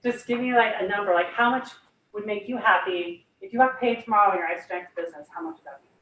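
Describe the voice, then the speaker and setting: A woman's voice: mid-range voice, fast, phone-quality sound. A young woman giving a casual motivational talk, enthusiastic and chatty with lots of "like" and "you guys". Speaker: guest speaker. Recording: echoey room, far from the mic.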